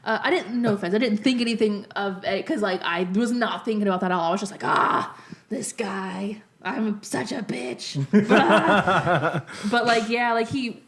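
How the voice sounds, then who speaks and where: A young woman on a podcast, telling a story in a rambling way, full of "like" and quick laughs. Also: mid-range voice. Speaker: podcast co-host. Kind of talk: casual chat, storytelling.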